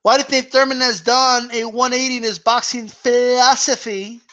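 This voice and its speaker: High-voiced, laughing boxing stream host. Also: male voice, little pitch movement, normal speed, bright, forceful tone, highs cut off. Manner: laughs often, slangy, swears casually. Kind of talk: casual chat reading viewer questions.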